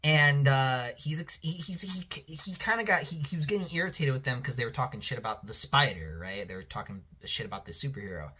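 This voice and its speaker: A man's voice: mid-range voice, brisk, few pauses, pushed and bright, breathy edge. A man talking casually as a reviewer, rambling and swearing freely, with many restarts and fillers. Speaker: show reviewer.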